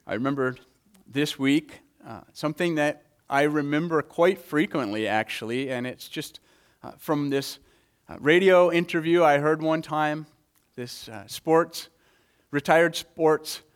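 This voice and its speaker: A man's voice: on the high side, a little slow. A man preaching a Sunday morning sermon, earnest, often repeating words as he presses a point. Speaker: pastor.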